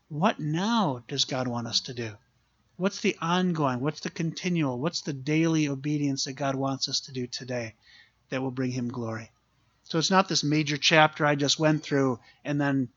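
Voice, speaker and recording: Male pastor, slightly higher voice, earnest sermon delivery with repeated phrases, lo-fi recording. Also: moderate pace, a bit bright, slightly rough.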